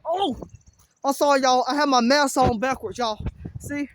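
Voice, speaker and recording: A man filming himself outdoors in strong wind, rambling excitedly and repeating himself. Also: very high-pitched, normal speed. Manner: excitable, rambling, repeats phrases, says y'all often. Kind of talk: casual outdoor weather vlog.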